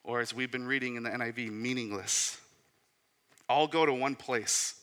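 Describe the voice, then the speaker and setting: A man's voice: mid-range voice, moderate pace, fairly bright tone. A man in his thirties preaching a sermon as a pastor, conversational, with asides and rhetorical questions. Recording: reverberant hall.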